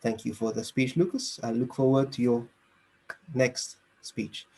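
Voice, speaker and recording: Guy doing a speech evaluation on a video call, middle pitch, measured and encouraging, pauses for emphasis. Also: flat delivery, dark tone, husky. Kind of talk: online club speech evaluation. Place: home room, speaking over a video call.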